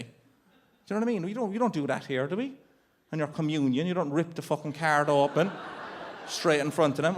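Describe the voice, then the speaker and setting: A man's voice: fairly high pitch, a little fast, slight background noise. An Irish man doing stand-up, telling an exasperated, swearing story on stage and acting out his own panic. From Ireland. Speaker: stand-up comedian. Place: comedy stage before a live audience.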